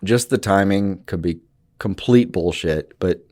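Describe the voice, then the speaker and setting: A man's voice: sits low, unhurried, a little mellow, no echo. A man co-hosting a podcast in casual chat, rambling and hesitant, joking around. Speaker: podcast co-host.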